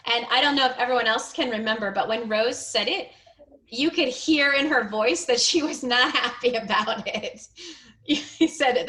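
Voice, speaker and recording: Upbeat woman English tutor, a touch high-pitched, with a bright voice; encouraging and quick to laugh. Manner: encouraging, laughs often, corrects gently. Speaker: English speaking teacher. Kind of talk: one-on-one pronunciation and grammar coaching.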